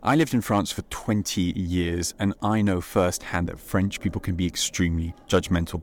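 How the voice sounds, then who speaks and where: A man with a very deep voice hosts a podcast lesson. He talks in a relaxed, playful way and slows down to model phrases for listeners to repeat. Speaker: podcast host and French teacher.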